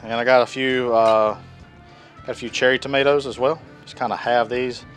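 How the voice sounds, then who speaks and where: A man's voice: mid-range voice, steady tone, moderate pace, soft background music. Folksy man cooking on a griddle. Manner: folksy, chatty, with many fillers. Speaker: cooking channel host. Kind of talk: casual cooking demonstration. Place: outdoor griddle.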